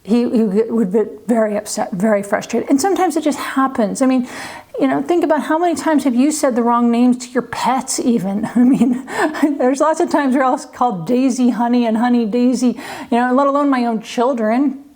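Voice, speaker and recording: A woman in her forties talks to camera in a relaxed, chatty way, sharing stories from her years as a teacher and a parent. Her voice sits a little high, and her talk is full of light laughs and "you know"s. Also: normal speed. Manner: acts out what others say in livelier voices. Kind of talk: casual storytelling to camera.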